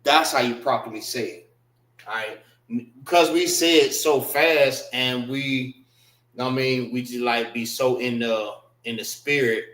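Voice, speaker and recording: A man leads a class in a relaxed, slangy way and goes over each word again and again. He talks very slowly, and his voice sits in the middle of the range. The room around him is bare and echoey. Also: mid-range voice. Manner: slow, repeats and spells out words, casual slang. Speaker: teacher. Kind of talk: classroom language lesson.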